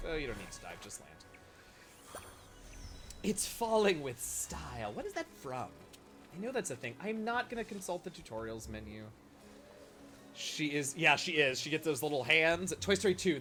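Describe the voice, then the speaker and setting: Male streamer doing playful game commentary; lively pitch, swears and yelps. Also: normal speed. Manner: excitable, joking, swears and yelps. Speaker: gaming streamer. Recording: voice over loud game music.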